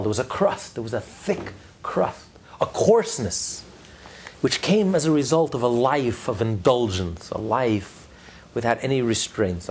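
A man's voice: mid-range voice, vocal fry, a little hiss or hum. A man giving a sermon as a religious teacher, driving his points home with emphatic, repeated lists. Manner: tells a joke story mid-lesson.

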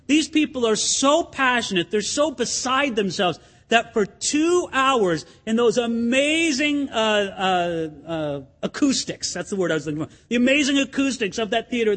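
A man's voice: high voice, fairly bright tone. A male pastor preaching a sermon, pressing his point with rhetorical questions to the congregation and acting out crowd chants and quotes.

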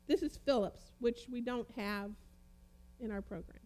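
High-pitched woman preacher, emphatic sermon delivery with dramatic pauses. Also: animated, darkish tone. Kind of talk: sermon, reading and comparing Bible translations.

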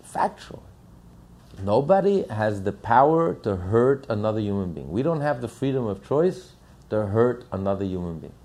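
A man's voice: lowish voice, very animated, moderate pace, darkish tone. A man giving a sermon as a rabbi, emphatic and repetitive, firing rhetorical questions. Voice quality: gravelly, husky.

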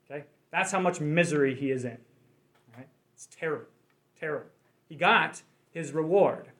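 A man's voice: a little high, moderate pace, fairly bright tone. A man leading a Bible study group, teaching conversationally and asking the class questions.

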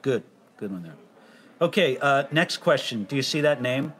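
A man's voice: medium pitch, animated, normal speed, a bit bright, slight background noise. A man hosting a casual faith conversation, reading listener questions aloud in a teasing, inquisitive way.

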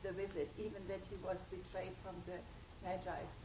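A woman's voice: on the low side, level tone, moderate pace. A woman taking part in a casual discussion, hesitant, with many ums and uhs. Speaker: discussion participant. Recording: echoey room with background noise.

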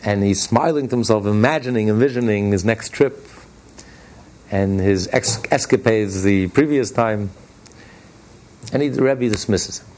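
A man's voice: lowish voice, normal speed, long pauses, a little mellow. A man giving a spoken religious lesson as a rabbi. He tells stories in a plainspoken, conversational way and repeats key phrases emphatically, his voice rising on each point. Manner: plainspoken, conversational storyteller with restarts. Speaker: rabbi teaching a Torah class.

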